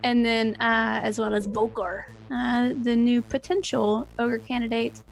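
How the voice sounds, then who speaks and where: A woman in her thirties with a fairly high voice, chatting brightly about her streaming. She talks in a casual, bubbly way. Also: little pitch movement, unhurried, creaky, soft background music. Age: 30s. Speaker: streamer and player. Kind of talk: casual chat.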